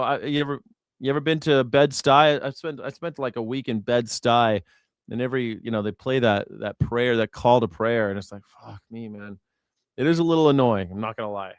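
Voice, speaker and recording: A man hosting a live news reaction show, ranting in a loud, profane way and mimicking bells and shouting. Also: a little high, no echo, studio quality.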